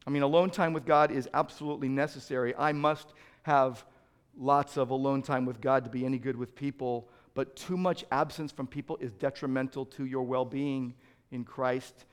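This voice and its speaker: A middle-aged male pastor preaching a sermon, swinging between loud emphasis and quiet, close asides. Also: medium pitch, fairly even intonation, moderate pace, clear, resonant tone.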